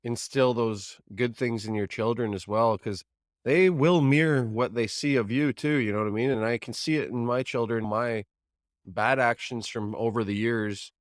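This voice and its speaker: A man with a low voice hosts a podcast conversation. He speaks in an earnest, plainspoken, reflective way. His voice is recorded dry and close. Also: no echo. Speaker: podcast host. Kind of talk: conversational interview.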